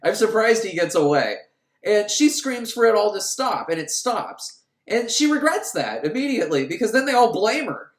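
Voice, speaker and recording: A man recapping a film for laughs, crude and sarcastic, acting out the characters in shrill voices. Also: big pitch swings, normal speed. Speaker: podcast host recapping a film. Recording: echoey room.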